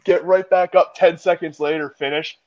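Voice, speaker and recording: A man in casual chat, laughing as he tells animated stories. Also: a little high, normal speed, no room sound, highs cut off.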